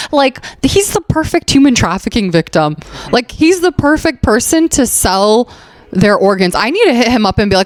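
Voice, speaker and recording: On her podcast, a woman comedian with a slightly high voice talks at a moderate pace, recorded dry and at studio quality. Her comic story wanders and swears, leans heavily on "like," and features her performing others' lines in lively voices.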